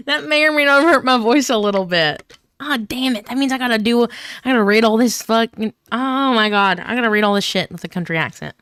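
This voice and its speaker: A woman's voice: fairly high pitch, moderate pace, fairly bright tone, clean tone, dry recording. A woman streamer giving casual, joking gaming commentary, loose and profane. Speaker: streamer playing a visual novel.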